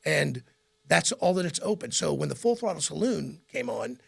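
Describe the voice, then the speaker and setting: Man, middle-aged, very gravelly, raspy and husky, rambling casual storyteller. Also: a little high, normal speed. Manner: rambling, animated anecdotes with frequent laughs. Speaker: radio host as guest.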